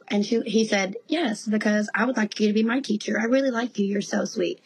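A woman in her thirties, a guest in a casual interview, telling animated stories and laughing often. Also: mid-range voice, brisk, slightly rough, low-quality recording.

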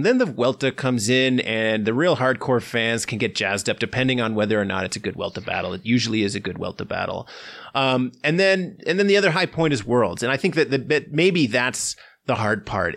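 A man's voice: medium pitch, creaky, a bit bright, dry recording. A man co-hosting a cycling podcast, talking in an enthusiastic, chatty way and thinking aloud as he goes. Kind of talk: casual chat.

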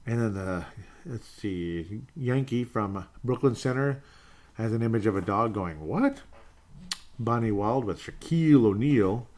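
A man's voice: fairly low pitch, a little mellow. A man hosting a casual sports podcast, reading listener comments aloud with loose chatter, fillers and chuckles.

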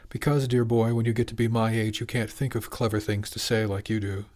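A man's voice: fairly low pitch, flat delivery, a little fast, a little mellow, natural voice. A man voicing a fond, playful mother who teases her son in an audiobook. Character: fond, teasing mother, middle-aged woman.

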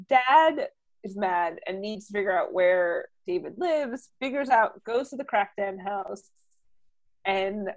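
A woman co-host walks through a movie's plot in a loose, rambling way, leaning on "um" and "like" as she goes. Her pitch sits at an ordinary middle height for a woman, and the talk stays relaxed and conversational. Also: no room sound. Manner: rambling, filler-heavy plot recap. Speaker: podcast co-host recapping a film. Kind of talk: casual chat.

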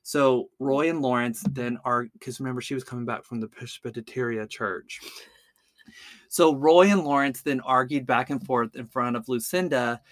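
A man's voice: mid-range voice, moderate pace, dry recording. Chatty man telling a true-crime story. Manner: chatty, stumbles over words, lots of "like". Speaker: podcast host.

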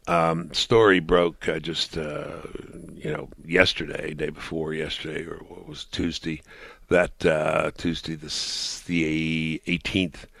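A man hosting a political talk radio show in a very low, dry voice. He talks in halting bursts, circling back with fillers and restarts. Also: gravelly, a bit bright, dry recording.

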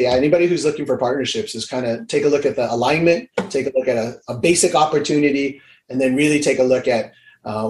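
A man from Hawaii, a guest on an interview show, talking casually and with energy, acting out the dialogue he quotes. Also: medium pitch. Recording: roomy echo.

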